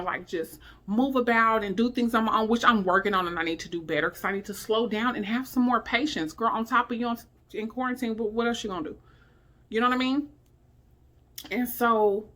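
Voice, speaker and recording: A woman's voice: fairly high pitch, fairly bright tone. Woman, middle-aged, weary, emotional, rambling vlog talk, filler-heavy, at home. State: weary and low in spirits. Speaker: vlogger. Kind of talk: candid personal vlog talk. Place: indoors at home.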